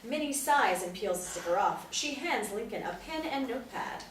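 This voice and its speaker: A woman's voice: a little high, moderate pace, a little hiss or hum. Woman reading stage directions, echoey. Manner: steady, matter-of-fact. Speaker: narrator. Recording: roomy, distant mic.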